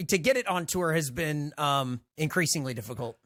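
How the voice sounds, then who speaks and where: A man co-hosting a casual podcast chat, talking in a wry, hesitant, deadpan way. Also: on the high side, moderate pace. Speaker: podcast co-host.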